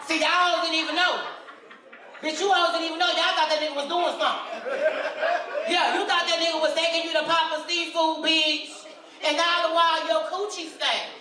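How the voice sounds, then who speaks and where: A loud, brash woman comedian working a club stage in a profane stand-up routine. Her voice sits very high and bright, with a forceful edge. She sounds distant and echoey, picked up from across a reverberant room. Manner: loud, brash, repetitive catchphrases.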